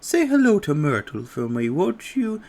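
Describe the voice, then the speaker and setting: Player doing a gossipy old lady neighbor, fussing and sympathetic, lively and quiet. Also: medium pitch, normal speed.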